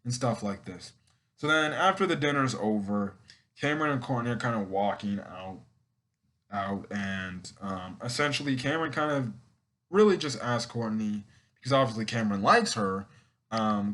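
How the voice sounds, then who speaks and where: A man's voice: lowish voice, moderate pace, a bit bright. A man casually recapping and reviewing a TV episode, rambling and correcting himself as he goes, often acting out the characters' lines.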